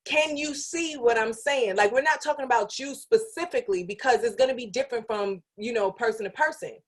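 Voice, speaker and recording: A woman's voice: a little high, fairly quick. A woman radio personality guesting on a podcast in casual chat, reasoning things through with frequent fillers.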